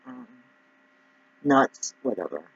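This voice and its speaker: A man's voice: medium pitch, huge pitch swings, takes it slowly, vocal fry, fairly bright tone, breathy edge. A man who works as a naturopath talks through his troubles in a rambling, emotional vlog monologue. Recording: dull, dry lo-fi recording.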